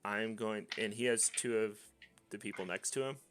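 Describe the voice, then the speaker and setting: A man's voice: fairly low pitch, fairly even intonation, normal speed, music in the background. A man playing a tabletop game, talking his character's actions through with frequent restarts. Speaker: player. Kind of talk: casual tabletop role-play.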